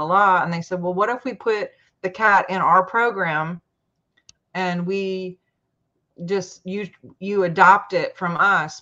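A woman casually telling a long personal story in a chatty, animated way, acting out what people said. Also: lowish voice. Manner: chatty, animated retelling with quoted voices. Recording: muffled lo-fi audio.

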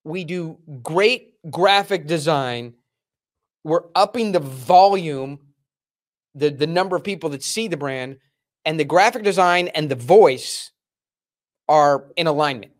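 A man's voice: on the high side, a little slow. A man hosting a casual interview podcast, telling stories animatedly and acting out quotes. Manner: animated storyteller, acts out quotes. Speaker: podcast host.

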